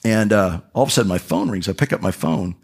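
A man preaching a sermon as pastor, hoarse from a throat problem, talking conversationally with restarts and asides. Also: low voice, fast. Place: church.

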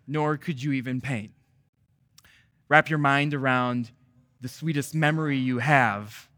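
Bright-voiced preacher man, rising and falling. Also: medium pitch, no echo, clean studio sound. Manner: preaching with repeated rhetorical questions, surging loud then dropping soft. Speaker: pastor. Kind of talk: sermon.

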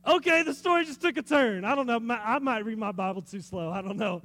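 High-voiced preacher, conversational and lively. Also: male voice, a little fast. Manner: lively, conversational, asks the audience questions, laughs often. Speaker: pastor. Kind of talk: sermon.

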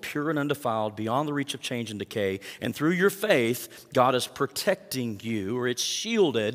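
In this sermon, a male pastor with a medium-pitched voice reads scripture and unpacks it, rising emphatically and turning aside to address the congregation. The sound carries a long reverb tail.

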